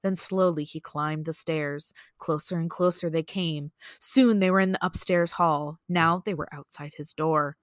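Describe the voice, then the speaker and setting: A woman's voice: deep voice, steady tone, measured pace, few pauses, no room sound, studio quality. A woman co-hosting a podcast, chatting casually, giggling, and reading creepy stories aloud with playful drama. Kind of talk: casual chat and story reading.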